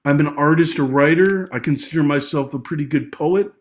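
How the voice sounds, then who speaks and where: A young adult man talks straight to camera in a loose, rambling monologue, stumbling over restarts and apologizing as he goes. His voice sits a little high for a man and rises sharply whenever his anger flares. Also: brisk. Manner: agitated, voice rising when angry. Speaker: vlogger giving social commentary. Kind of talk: unscripted personal monologue.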